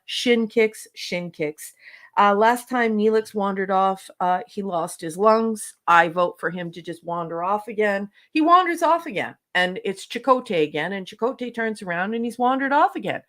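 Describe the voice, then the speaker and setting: Woman, casual podcast review, exasperated, sarcastic, mid-pitched voice. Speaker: co-host reviewing episodes.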